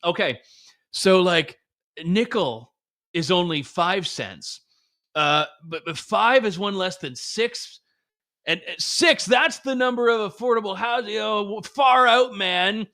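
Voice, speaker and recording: A man's voice: high voice, pushed and bright, full character voice. A man doing a drawling stoned guy. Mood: spaced out. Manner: slow, drawling stoner slang. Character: spacey stoned adult man.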